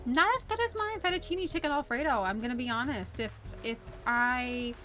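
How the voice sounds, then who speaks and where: An American woman with a slightly high voice chats loosely while playing a game on stream, drifting between thoughts and often restarting sentences. She laughs easily as she talks into a desk condenser mic, with soft game music under her voice. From United States. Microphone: desk USB condenser mic.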